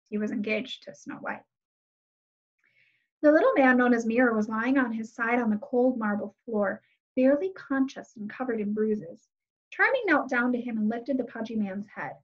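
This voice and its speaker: Female reader, steady storytelling, higher voice, slightly muffled recording. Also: fairly quick. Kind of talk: reading a novel aloud.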